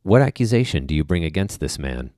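A questioning Roman governor , read by a man, in a deep, measured voice. The lines come slightly raised and louder than the narration. The recording is dry and close. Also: very animated, no room sound.

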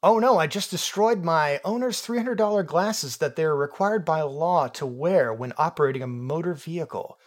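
Man putting on a high, yappy pack of dogs, scatterbrained, barks mid-sentence. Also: moderate pace, few pauses, lightly acted. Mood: excited. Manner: scatterbrained, barking woof. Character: excitable pack of easily distracted dogs.

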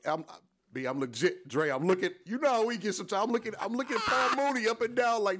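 This man from Detroit speaks quickly in a dry recording, swapping casual stories on a podcast. Swearing plenty, he performs the quotes lively, his voice leaping up and down in pitch.

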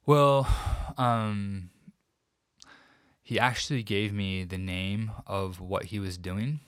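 A man as an interview guest, recounting a painful personal story in a reflective, halting way with many restarts. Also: lowish voice, fairly even intonation, clear, resonant tone, no echo, clean studio sound.

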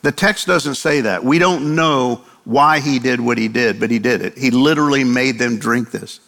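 A man's voice: mid-range voice, normal speed, vocal fry, a bit bright, big-room sound. An older man preaching a sermon in a conversational way, acting out quotes from the text. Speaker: pastor.

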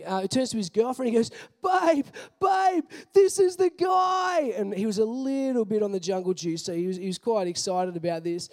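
High-pitched but dark in tone, this young Australian pastor preaches a sermon built on personal stories. His delivery is casual and storytelling, with lots of fillers.

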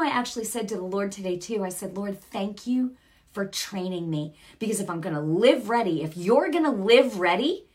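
A middle-aged woman preaching informally on a broadcast, earnest and chatty, with sudden bursts of emphasis. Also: medium pitch. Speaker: Christian broadcaster.

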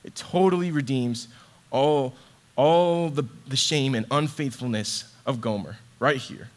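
A man's voice: medium pitch, a little slow. Earnest man reading and reflecting on scripture. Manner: earnest, heartfelt, repeats words as he searches for them. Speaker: church ministry associate director.

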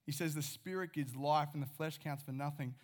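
A man's voice: on the high side, a little fast. A man, preaching a sermon as pastor and paraphrasing scripture in a conversational way.

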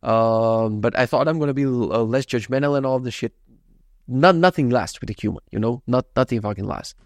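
A man's voice: medium pitch, brisk, no echo, studio quality. A young man talking candidly in a rambling, confessional monologue, swearing freely and restarting his sentences often. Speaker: software entrepreneur.

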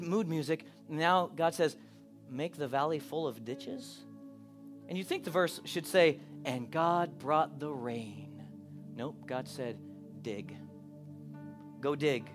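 A pastor preaching a sermon, moving between hushed, intimate moments and loud, animated bursts. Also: male voice, a little high. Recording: preaching over live keyboard music.

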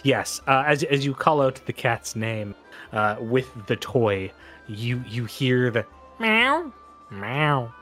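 A man's voice: mid-range voice, very animated, slow, bright, forceful tone, faint music behind. A man narrating as game master of a tabletop game, casual and rambling with many fillers.

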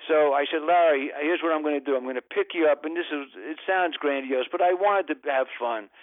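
Older man, comedian, rambling story, self-interrupting, exasperated asides, slightly high voice, tinny phone line. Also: a little fast, dry recording. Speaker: comedian, guest.

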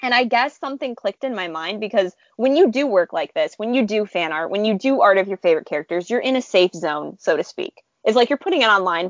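A woman's voice: mid-range voice, dry recording. Woman telling a story, chatty, laughs a lot, dry muffled audio. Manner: animated, chatty, frequent laughs and fillers. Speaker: fan artist guest. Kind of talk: casual storytelling interview.

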